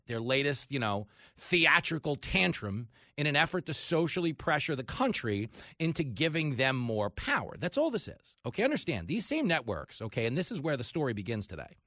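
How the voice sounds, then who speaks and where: A man's voice: sharp tone, dry recording, studio quality. A man hosting a talk radio show, delivering an opinionated, sarcastic monologue and mocking his opponents. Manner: sarcastic, mocks opponents in shrill mimicking voices.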